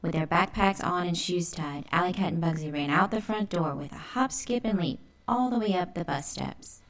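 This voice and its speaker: A woman's voice: fairly low pitch, normal speed. Woman narrating a children's story.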